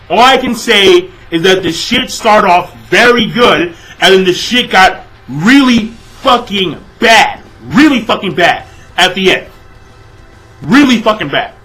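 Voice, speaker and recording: A young man ranting through a manga chapter review, swearing freely, repeating himself and breaking into shouted outbursts. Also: high-pitched, poor audio. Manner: exasperated, profane, repeats phrases, shouts in bursts.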